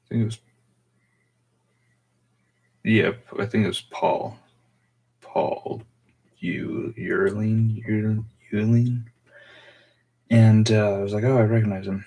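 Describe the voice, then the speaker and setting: A young man telling a personal story on his vlog in a rambling, halting way full of fillers. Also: lowish voice, fairly even intonation, creaky, warm tone. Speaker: vlogger.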